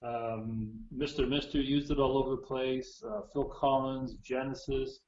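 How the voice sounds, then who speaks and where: A man's voice: mid-range voice, little pitch movement, unhurried, a little mellow, muffled recording. A man in casual chat, explaining old music gear in a chatty way with restarts, heard over a call. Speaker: guest musician. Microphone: phone or video call.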